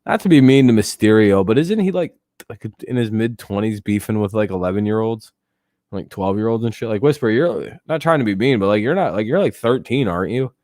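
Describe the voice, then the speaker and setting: A man's voice: fairly low pitch, animated, a little fast, a little mellow, dry recording, clean studio sound. A young man streaming live, rambling casually to his chat with lots of swearing and laughter. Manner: rambling, profane, laughs often, talks to chat.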